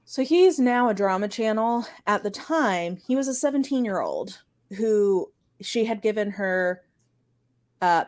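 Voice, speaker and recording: A woman co-hosting a podcast, recounting a story in a quick, chatty way with lots of filler words. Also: mid-range voice, a little mellow. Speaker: podcast co-host. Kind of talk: casual storytelling chat.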